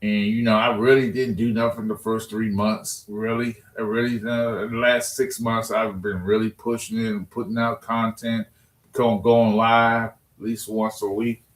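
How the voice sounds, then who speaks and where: A man's voice: lowish voice, flat delivery, a little slow. Joking man live-streaming in an echoey room. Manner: loose, joking, trash-talking with chat. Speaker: live streamer reading chat. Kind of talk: casual live-stream chat. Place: home room at his computer.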